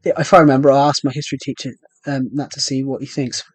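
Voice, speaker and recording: A man chats casually while playing a game, rambling along with many restarts and fillers. His mid-pitched voice sounds dry and close to the mic. Faint music plays underneath. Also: level tone, quick pace, no echo. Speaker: gaming channel host. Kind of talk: casual chat over gameplay.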